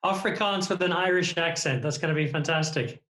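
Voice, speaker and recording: A man hosts a remote talk show interview, his voice sitting a little high. He asks lively, jokey questions. The room around him rings with echo. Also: fairly quick. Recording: echoey room.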